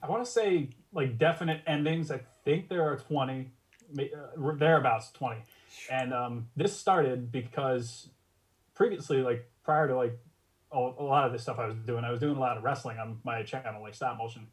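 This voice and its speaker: A male guest chatting casually, telling things in a relaxed, rambling way with many fillers. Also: medium pitch, moderate pace, poor audio. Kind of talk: casual chat.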